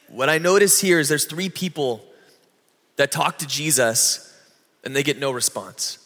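A man preaching a sermon in a conversational way, slowing down and lifting his voice to stress key moments. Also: medium pitch, animated, fairly bright tone, in a large hall. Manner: conversational preaching, slows and rises for emphasis. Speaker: pastor.

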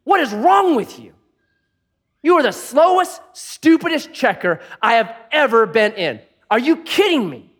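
A man voicing a rude adult male shopper who yells insults at a cashier. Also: extremely high pitch, big pitch swings, unhurried, in a large hall, voice pushed up, full character voice. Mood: angry. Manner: shouting insults.

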